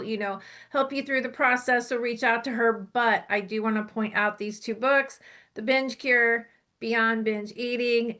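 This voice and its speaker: An upbeat woman host leads a casual online show over a video call. Her voice sits a little high and her talk is full of fillers. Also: a bit bright. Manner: enthusiastic, many fillers.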